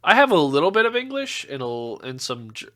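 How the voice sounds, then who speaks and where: A man's voice: fairly high pitch, sing-song, fairly quick, pushed and bright. A young man co-hosting a podcast, chatting animatedly, swearing freely and laughing a lot. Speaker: podcast co-host. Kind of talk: casual chat.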